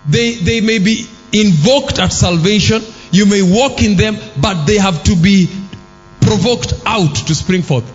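A man preaching a sermon in church. He fires rhetorical questions at the congregation and breaks into shouts. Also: high-pitched, measured pace, highs cut off. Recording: long hall reverb with faint music.

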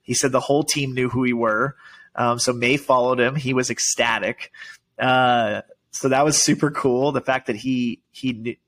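A man in casual conversation as a podcast guest, telling a story in an excited, emotional way, full of "like" and "dude". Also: medium pitch, moderate pace.

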